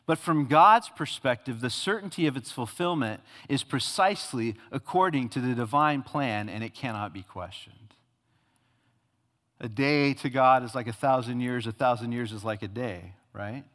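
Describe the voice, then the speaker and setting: A man's voice: medium pitch, moderate pace, fairly bright tone, in a large hall. A man preaching a sermon, earnestly acting out God and the prophet in dialogue. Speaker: pastor.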